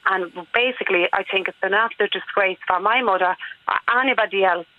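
A woman's voice: mid-range voice, brisk, dry recording. Indignant woman on the phone. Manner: indignant, emphatic. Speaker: caller. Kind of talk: complaint on a phone-in. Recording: tinny dry phone line.

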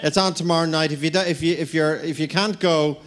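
An Irish man hosting a live comedy show, chatty and quick to laugh as he works the crowd. His voice sits a little on the higher side for a man. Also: fairly even intonation, heavy background noise. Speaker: show host.

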